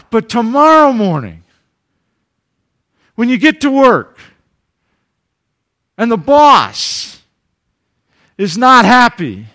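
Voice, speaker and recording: Emphatic Southern preacher, lively pitch. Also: male voice. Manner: emphatic preaching that swings from loud rises to soft asides. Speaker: pastor. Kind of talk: sermon.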